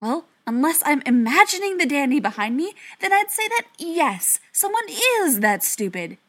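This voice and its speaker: Woman reading a nervy young guy on the run, sarcastic and snappy, breathy husky voice. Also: mid-range voice, fast talker, close to an everyday voice. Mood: tense. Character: jumpy young man fleeing a vampire.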